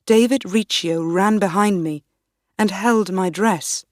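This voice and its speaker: A woman narrating a graded reader for learners in a slow, deliberate, clear reading. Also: mid-range voice, darkish tone, no room sound, clean studio sound. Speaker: audiobook narrator.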